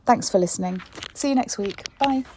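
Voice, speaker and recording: A woman's voice: a little high, moderate pace, mellow, slight background noise. A woman from the East Midlands of England reading her short story aloud in a dry, wry manner. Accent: English, East Midlands. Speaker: story contributor.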